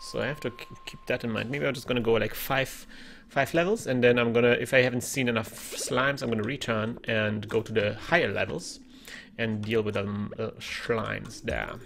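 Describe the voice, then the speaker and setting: A man's voice: medium pitch, fairly even intonation, normal speed, vocal fry, a bit bright, slight background noise. A man giving chatty let's-play commentary, thinking aloud and exclaiming at what he finds in the game. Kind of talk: gameplay commentary.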